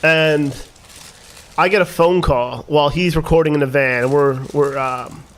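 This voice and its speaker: A young man with a slightly higher voice, telling a story on a casual podcast. He rambles, swears freely and laughs between bits. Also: fairly even intonation, a little slow, a bit bright. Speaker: podcast guest.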